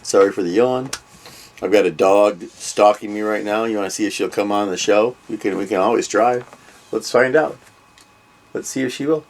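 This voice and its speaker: Older man, low voice, casual vlog host, rambling, lots of ums, comic book chat. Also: normal speed. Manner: rambling, with many ums and trailing asides.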